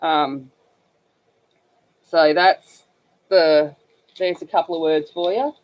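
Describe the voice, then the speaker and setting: A woman's voice: low-pitched, steady tone, slow pace. A woman from northern Australia with an Australian accent and a scratchy voice, chatting casually and rambling with many fillers as she hosts a coloring livestream. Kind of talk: casual chat while coloring.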